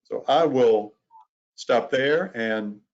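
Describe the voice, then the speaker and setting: A man presenting legal resources in a webinar, speaking haltingly with frequent fillers. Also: medium pitch, a little mellow. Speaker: disability legal advocate presenter. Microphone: video call. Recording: dull lo-fi call audio.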